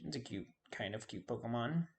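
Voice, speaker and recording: A man's voice: mid-range voice, lively intonation, a little fast, vocal fry. A man giving casual video game commentary, rambling and forgetting names with self-deprecating asides. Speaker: YouTube host.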